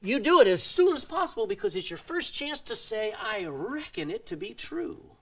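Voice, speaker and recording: A man from Texas with a Texan accent, preaching a sermon in a folksy, animated way and drawing out words for emphasis. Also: high-pitched, moderate pace, recorded from a distance. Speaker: pastor. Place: church.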